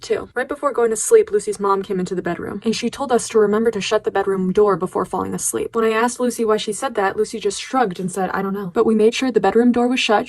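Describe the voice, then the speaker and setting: A woman telling a personal story in a brisk, conversational way, acting out the quoted lines. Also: medium pitch, no echo. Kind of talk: storytime narration.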